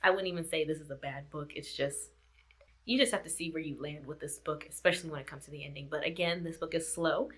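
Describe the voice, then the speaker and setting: A woman chatting casually about a book she just read, circling back to the same points and laughing as she goes. Her voice sits on the low side for a woman, yet it sounds bright and forceful. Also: steady tone, fast, slight background noise. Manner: chatty, repeats herself, laughs often. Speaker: book vlogger. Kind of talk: casual book review chat.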